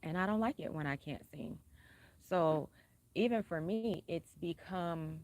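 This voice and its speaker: A blunt woman talks straight to her audience, cussing freely and hammering her points home with repetition. Her voice sits a little low for a woman, and she keeps it calm and level even when she is being pointed. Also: moderate pace. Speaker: vlogger. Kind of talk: casual personal talk to camera.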